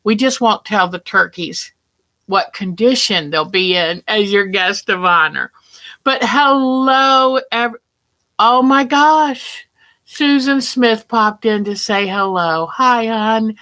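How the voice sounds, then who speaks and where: A woman's voice: mid-range voice, takes it slowly, pushed and bright. A woman hosting a casual quilting livestream, chatting and greeting viewers by name.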